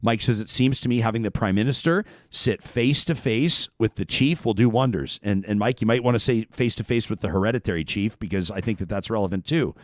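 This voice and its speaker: A man's voice: lowish voice, a little fast, hardly any pauses, no echo, clean studio sound. Man hosting a talk show, reading comments. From Canada. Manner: joking, reads listener comments aloud. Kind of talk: casual talk show chat.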